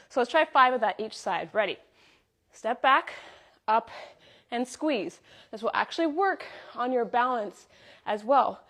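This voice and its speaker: A young adult woman leading a live workout class, upbeat, counting reps and giving body cues, a little out of breath. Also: on the high side. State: slightly out of breath. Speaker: fitness instructor.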